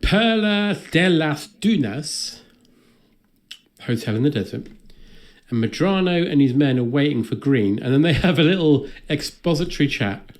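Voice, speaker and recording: Dry, sardonic podcast host. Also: male voice, fairly high pitch, expressive, measured pace. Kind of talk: comedic film recap.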